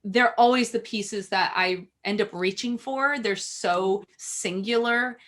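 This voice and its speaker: A woman co-hosting a relaxed chat, speaking at a mid pitch typical for a woman. She gushes with praise and wanders from thought to thought. She is an opera singer talking informally. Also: takes it slowly. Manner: effusive, gushing, rambling. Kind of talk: casual chat.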